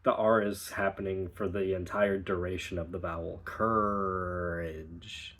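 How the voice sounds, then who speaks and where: A young man teaching pronunciation as a dialect coach, explaining patiently and encouragingly. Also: deep voice. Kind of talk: recorded pronunciation lesson.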